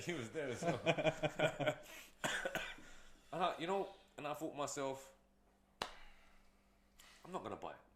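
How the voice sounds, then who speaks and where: A man's voice: on the high side, sing-song, brisk, long pauses, reverberant, slight background noise. A man who is a guest entrepreneur, telling stories in a casual, rambling way with many fillers. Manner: rambling, storytelling, frequent fillers. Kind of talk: casual interview talk.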